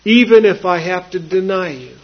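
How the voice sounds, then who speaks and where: A man preaching a sermon, slow and emphatic, repeating key phrases for weight. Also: high voice. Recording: dull lo-fi recording.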